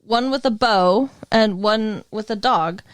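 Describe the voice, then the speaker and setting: A woman's voice: medium pitch, takes it slowly. A woman co-hosting a casual movie podcast, chatty as she recaps the plot and waves off her co-host's jokes. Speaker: podcast co-host. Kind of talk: casual movie-review chat.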